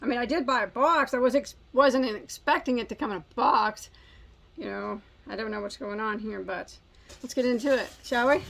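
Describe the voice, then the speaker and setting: A woman's voice: on the high side, normal speed, vocal fry, noisy background. Chatty self-mocking woman in her forties. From United States. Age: 40s. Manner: rambling, self-mocking, jokey. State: slightly out of breath. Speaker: crochet channel host. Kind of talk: casual chat.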